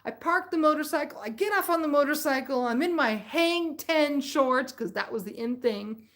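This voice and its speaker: Middle-aged woman streamer, fairly high voice, loose rambling storyteller who laughs a lot. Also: normal speed. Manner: rambling, animated, laughs often. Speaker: live stream host. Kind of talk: casual storytelling chat.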